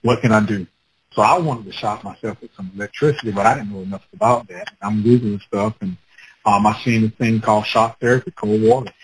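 A man with children telling a personal story in a casual, animated way, acting out his own past words with laughter. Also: on the low side, fairly quick, slight background noise, poor audio. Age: adult with children.

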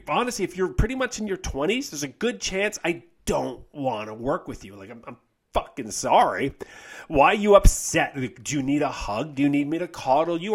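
Lively, blunt, swearing man ranting. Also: fairly high pitch. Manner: blunt, profane, mocking. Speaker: health coach and podcast host. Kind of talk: casual podcast rant.

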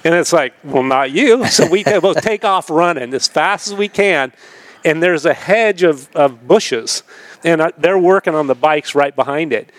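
A man, probably in his fifties, telling stories from his racing career as a podcast guest in a relaxed, rambling way, laughing often and acting out what others said. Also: fairly high pitch, moderate pace, dry recording. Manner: laid-back, rambling, laughs often, acts out quoted voices. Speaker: podcast guest, retired motocross racer. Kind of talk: casual storytelling interview.

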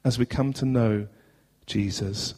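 A man with a southern English accent preaching a sermon as pastor in a church, earnest, asking rhetorical questions and moving between loud and hushed passages. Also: medium pitch, fairly even intonation, measured pace, breathy edge. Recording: long hall reverb.

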